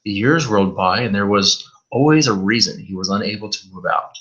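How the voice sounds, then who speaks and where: A man's voice: fairly low pitch, fairly quick, fairly bright tone, highs cut off. A man reading a horror story aloud on a live stream, stumbling over words now and then and swearing in asides.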